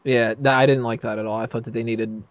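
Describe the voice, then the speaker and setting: A man's voice: mid-range voice, flat delivery, fast, smooth, no echo. Rambling man on a dull dry podcast mic. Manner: rambling, filler-heavy, laughs often. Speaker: podcast panelist. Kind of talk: casual roundtable chat.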